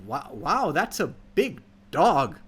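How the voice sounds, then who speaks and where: A man's voice: on the high side, sing-song, takes it slowly, fairly bright tone, husky, exaggerated voice. A man voicing a sly young male village hoodlum who teases with false friendliness. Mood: teasing.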